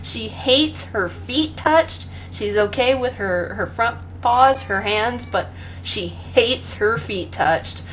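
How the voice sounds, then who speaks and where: Slow, rambling young woman. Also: fairly high pitch, expressive, fairly bright tone, slight background noise. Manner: rambling, full of ums and laughs, talks to her cat. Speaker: pet owner vlogger. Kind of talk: casual chat.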